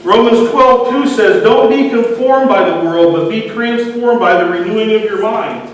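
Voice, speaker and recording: Man, earnest sermon delivery, high register, distant mic with long hall reverb. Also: normal speed, slight background noise. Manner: earnest, questioning the congregation. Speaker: lay speaker. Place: church sanctuary. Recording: echoey church hall from far off.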